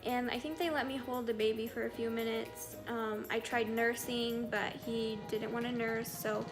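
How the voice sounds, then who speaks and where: A woman's voice: on the high side, flat delivery, moderate pace, over music. A woman in her twenties, a young mother candidly telling her birth story to camera in a chatty, rambling way. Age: 20s. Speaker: vlogger and mother.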